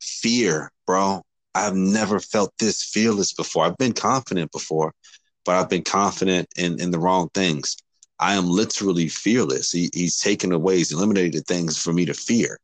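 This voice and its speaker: A man's voice: low-pitched, normal speed, no echo, poor audio. A man talking earnestly about his faith, often repeating words and calling the other man brother. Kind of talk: casual faith talk.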